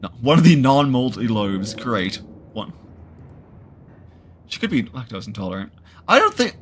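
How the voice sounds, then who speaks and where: A man's voice: mid-range voice, big pitch swings, normal speed, fairly bright tone, slight background noise. A man streaming a horror visual novel, reading the narration aloud and adding jokey asides.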